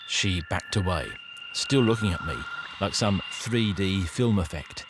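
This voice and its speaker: A man reading a first-person ghost story aloud, building suspense with an expressive delivery. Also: sits low, unhurried, a little hiss or hum.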